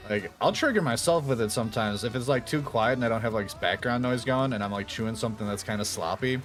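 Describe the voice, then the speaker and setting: A man chatting casually on his stream, explaining things slowly with many fillers and restarts. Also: medium pitch, a bit bright, soft background music.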